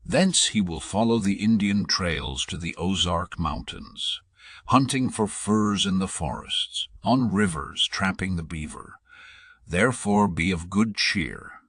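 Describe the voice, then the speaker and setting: A man's voice: low voice, lively intonation, slow, fairly bright tone, husky, dry recording, clean studio sound, heavily acted. A man reading the lines of a hearty, cheerful older blacksmith in a storybook poem, reassuring in tone. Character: hearty older male blacksmith turned herdsman.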